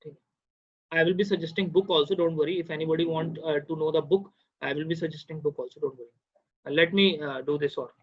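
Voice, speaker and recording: A man's voice: a little high, steady tone, fast, lo-fi sound. A man with an Indian English accent giving an online law lecture, explaining step by step with many "uh" fillers and checking in with listeners. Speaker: lecturer on cross-examination.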